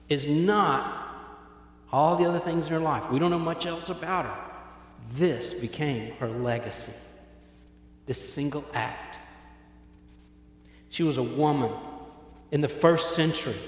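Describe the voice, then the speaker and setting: A man preaching a sermon in a casual, joking way, acting out little voices as he retells the story. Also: fairly high pitch. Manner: conversational and joking, acts out voices. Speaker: pastor. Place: church hall with congregation. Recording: echoey hall.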